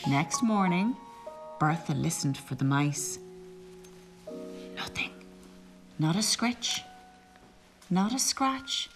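Slow, expressive woman reading a storybook. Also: lowish voice, over music. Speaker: storybook reader. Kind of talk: reading a picture book aloud.

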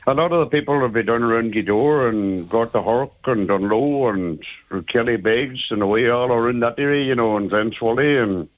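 A man's voice: medium pitch, moderate pace. An older man with a Donegal Irish accent, reminiscing casually as a guest and rambling along with plenty of fillers. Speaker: guest remembering his father. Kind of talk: casual storytelling on a radio phone-in. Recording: tinny phone line.

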